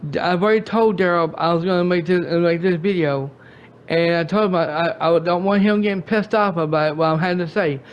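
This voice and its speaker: Angry man, high voice, stumbling. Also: highs cut off. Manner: angry, repetitive, stumbling restarts. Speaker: gaming channel host. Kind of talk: scolding rant to a friend.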